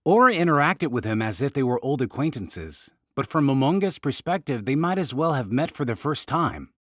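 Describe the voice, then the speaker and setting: Male narrator, lively intonation, dry close sound. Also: medium pitch, moderate pace, no echo. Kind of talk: scripted audiobook narration.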